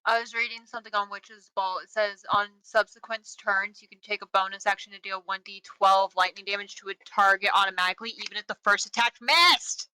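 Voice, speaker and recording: A woman's voice: medium pitch, level tone, a little fast, few pauses, pushed and bright, clear, resonant tone, no room sound, rough recording. A woman player in a tabletop game, eagerly reading rules aloud. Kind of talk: casual tabletop play.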